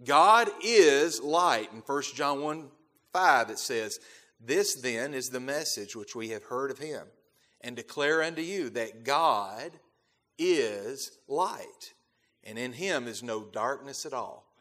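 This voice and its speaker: Bright-voiced emphatic male preacher. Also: mid-range voice, animated, takes it slowly. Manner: emphatic, repeats key phrases, quotes scripture in King James wording; loud swells on key words, drops to quiet asides. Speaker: pastor. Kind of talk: sermon.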